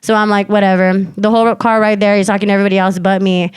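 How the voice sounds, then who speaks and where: A woman's voice: mid-range voice, rapid-fire, clean tone, no echo. A young woman and podcast co-host telling a story in casual slangy chat, acting out quotes and using lots of fillers. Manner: animated, slangy, many fillers, acts out quotes.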